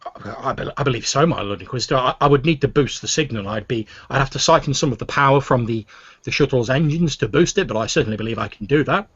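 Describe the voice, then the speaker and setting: A man's voice: medium pitch, fast, fairly bright tone, slightly rough, no room sound, voice pushed up. A man voicing a nervous, deferential male imperial technician who stammers, recorded with dull lo-fi sound. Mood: flustered.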